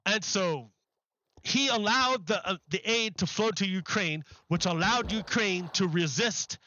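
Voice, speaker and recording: Man, high bright voice, rambling political streamer, dry and slightly dull mic. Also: measured pace, no room sound. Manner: rambling, repeats words, mocking put-on quotes. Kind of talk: live-streamed political commentary.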